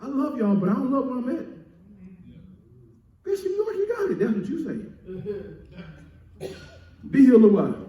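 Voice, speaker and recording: A man preaching a sermon as pastor, building up to shouts and calling for answers from the congregation. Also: extremely high pitch, very animated, normal speed, long pauses, a little hiss or hum. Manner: preaching with rising shouts and call-and-response. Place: church sanctuary. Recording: echoey church, mic heard from a distance.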